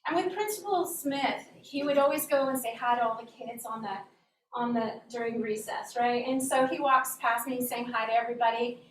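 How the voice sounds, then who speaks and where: A woman giving an earnest, animated inspirational talk as a guest speaker in a church hall. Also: fairly high pitch, moderate pace. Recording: roomy echo from a distant mic, faint hum.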